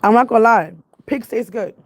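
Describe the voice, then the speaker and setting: A young vlogger, whose family is Jamaican, talks briskly in a voice on the high side with a New York accent. She rambles casually on her livestream and laughs frequently.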